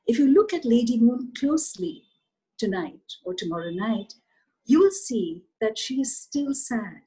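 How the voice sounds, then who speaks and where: A woman author telling a children's story in an animated, expressive way, addressing her listeners directly. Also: fairly high pitch, unhurried, breathy edge, poor audio.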